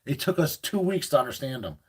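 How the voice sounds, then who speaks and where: A man chatting casually on a livestream, telling stories in a gruff, joking, profane way. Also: medium pitch, sing-song, brisk.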